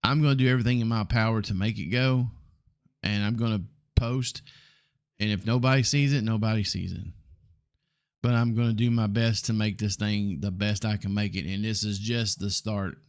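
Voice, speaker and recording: A forty-something man with a Southern drawl talks loosely through a solo podcast, blunt and a little rambling, filling pauses with ums. His voice sits on the low side. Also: fairly even intonation, clear, resonant tone. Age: 40s. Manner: rambling, blunt, frequent ums and mild swearing. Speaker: podcast host. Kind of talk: casual solo podcast talk.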